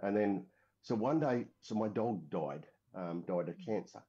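A man's voice: lowish voice, animated, unhurried, warm tone. An Australian man from Western Australia, a middle-aged military veteran telling his story in a casual, rambling way with many fillers and restarts. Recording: dull lo-fi recording.

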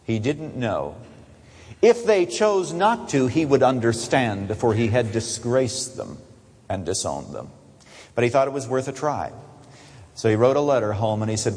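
A man preaching a sermon, his voice lifting high on the key points and dropping to a hush on the asides. The tone is husky, and a long reverb trails each phrase through the large hall. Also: unhurried. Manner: animated preaching, swinging from soaring emphasis to hushed low asides.

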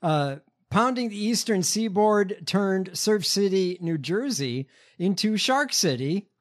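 A man's voice: high voice, lively intonation, slow. A man hosting a casual podcast, reading news headlines with hesitant fillers.

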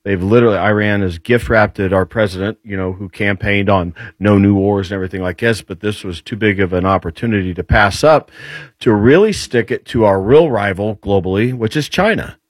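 A man's voice: on the low side, brisk, dry recording. A man appearing as a guest commentator, explaining military and economic points in casual talk and building them with rhetorical questions.

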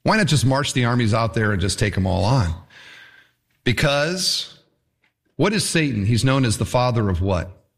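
A man's voice: mid-range voice, lively intonation, moderate pace, fairly bright tone. A man preaching a sermon, reading scripture and acting out mocking voices. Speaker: pastor.

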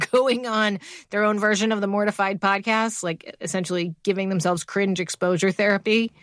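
Measured woman interviewer, dry studio. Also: medium pitch, fairly even intonation, a bit bright, no room sound. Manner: thoughtful, measured questions. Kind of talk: radio interview.

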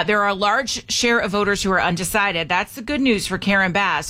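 A woman's voice: medium pitch, bright, forceful tone. A woman hosting a talk radio show, chatty and opinionated as she reads news and repeats the call-in number.

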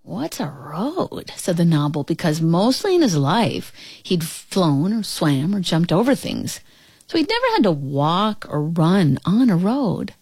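Expressive woman reading a children's story. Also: unhurried, slightly rough, no echo. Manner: expressive, swooping pitch. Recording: dry close recording.

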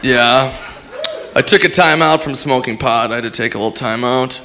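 Laid-back deadpan stand-up man. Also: mid-range voice, normal speed. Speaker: stand-up comedian. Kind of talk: stand-up routine. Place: comedy stage before a live audience. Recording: live stage mic with crowd laughter and room noise.

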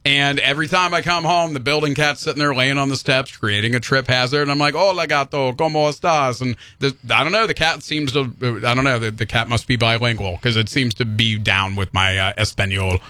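Rambling radio host man, bright voice. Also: mid-range voice, steady tone, brisk, hardly any pauses, no echo. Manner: rambling, self-deprecating, stumbles over words. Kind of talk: casual morning radio banter.

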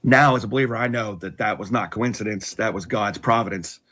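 Casting: middle-aged man with a husky voice, candid and unpolished, sharing a hard personal story. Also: on the low side, a little fast, sharp tone. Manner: candid, with frequent restarts and wry laughs. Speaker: guest telling his conversion story.

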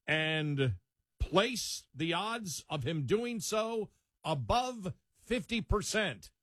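A man's voice: a little high, sing-song, drawn-out words, fairly bright tone, no echo, clean studio sound. A man with a Buffalo accent co-hosting a radio talk show in casual, loose on-air chat. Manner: conversational, loose, chuckling.

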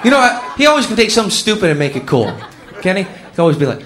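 A man doing stand-up comedy with excitable, rapid, animated storytelling. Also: high-pitched, a faint crowd, slight background noise.

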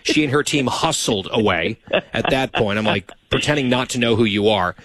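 Male host, mid-pitched, dry close sound, wry teasing delivery. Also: moderate pace, a bit bright, no echo. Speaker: show host. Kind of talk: casual chat.

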